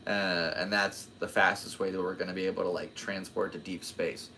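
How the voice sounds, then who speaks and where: A man's voice: low voice, level tone, normal speed, pushed and bright, slight background noise. A man in his twenties hosting his own podcast, talking in a rambling, jokey way that drifts into tangents. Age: 20s. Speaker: podcast host. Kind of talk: casual rambling monologue.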